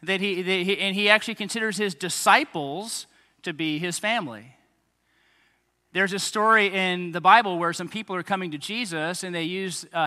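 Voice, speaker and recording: A man in his thirties, a pastor giving a lively sermon to children and families, with chatty asides to kids and parents. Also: high-pitched, normal speed. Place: church hall. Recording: echoey hall reverb.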